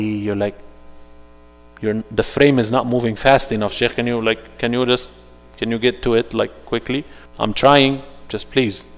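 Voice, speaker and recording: A man leading an interactive workshop at a mosque, animated, acting out little dialogues and dropping Arabic phrases into his English. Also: mid-range voice, long reverb tail. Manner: animated, acts out dialogues in put-on voices.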